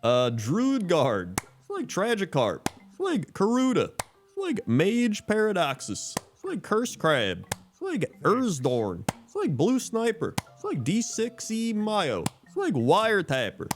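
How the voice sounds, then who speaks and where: A man's voice: high-pitched, wildly swooping pitch, unhurried, over music. A man streaming live in casual chat, reading out usernames and laughing often.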